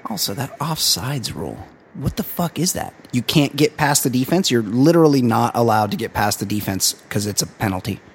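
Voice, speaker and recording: A man co-hosting a comedy podcast, riffing in casual chat with deadpan jokes. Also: medium pitch, brisk, hardly any pauses, husky. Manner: joking, deadpan asides with laughs. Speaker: podcast co-host.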